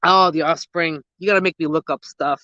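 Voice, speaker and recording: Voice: medium pitch, brisk, no room sound, dull audio. Chatty, slangy gardener in their thirties. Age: 30s. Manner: chatty, slangy and excitable, rambling. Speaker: gardening channel host. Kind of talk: casual live-stream chat answering viewers. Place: outdoors at dusk.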